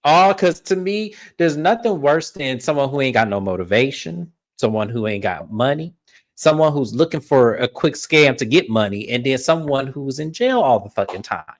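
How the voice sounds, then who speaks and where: A man's voice: medium pitch, lively intonation, normal speed. Candid, emphatic man co-hosting. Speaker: co-host of a reality show recap. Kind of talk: casual chat.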